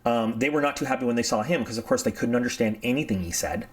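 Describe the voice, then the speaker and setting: A man's voice: mid-range voice, fast talker. A man telling a history story in a loose, conversational way, wandering off on tangents and then pulling himself back. He restarts sentences often and brings the tale to life by acting out what people said. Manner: rambling, digressive, self-correcting; animated storyteller acting out quotes. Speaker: history channel host. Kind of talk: casual spoken history talk.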